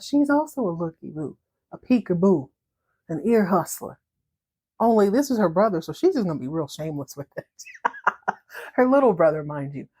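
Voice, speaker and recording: Lively woman podcaster, slightly low voice, chatty and laughing a lot. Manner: chatty, animated, laughs often. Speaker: podcast host. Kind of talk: casual recap storytelling.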